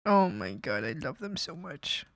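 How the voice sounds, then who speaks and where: A woman's voice: sits low, sing-song, unhurried, no room sound, clean studio sound. Giggly young woman chatting on stream. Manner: giggly and emotional, laughs often, trails off and restarts. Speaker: art streamer. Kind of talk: casual livestream chat while drawing.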